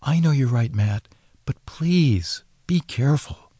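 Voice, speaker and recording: A man's voice: mid-range voice, animated, slow, warm tone, breathy edge, dry recording, pitched above the performer's own voice. A worried farm wife and mother pleads with her husband, voiced by a male narrator. Her voice sits well above his plain tone and moves a lot. The audiobook recording is dry. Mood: anxious. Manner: pleading, anxious. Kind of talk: audiobook character voice.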